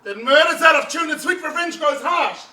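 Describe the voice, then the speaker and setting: An actor playing a jealous, tormented husband in amateur stage acting, brooding murmurs breaking into shouts. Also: male voice, very high-pitched, lively intonation, moderate pace, exaggerated voice. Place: outdoor stage, roomy. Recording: roomy echo from far off.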